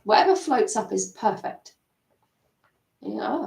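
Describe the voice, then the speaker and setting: A woman EFT practitioner gently guiding listeners through tapping steps in a live coaching talk. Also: on the high side, very animated, moderate pace, gravelly. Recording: echoey room, distant mic.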